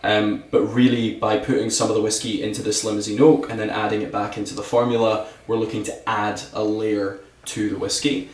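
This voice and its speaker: An eager Scottish man explains whisky on a podcast in a low voice. He sits a little back from the mic, and the room echoes around him. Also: little pitch movement, brisk, hardly any pauses, distant mic. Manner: enthusiastic, talks with his hands, says "absolutely" often. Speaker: distillery ambassador guest. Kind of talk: podcast conversation. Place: podcast studio.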